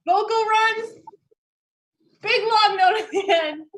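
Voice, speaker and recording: Young woman doing stand-up over zoom, really high voice, slow and easy delivery, keeps cracking herself up. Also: a bit bright. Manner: playful, laughs at her own jokes. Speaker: comedian. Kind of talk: stand-up over video call. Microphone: video call.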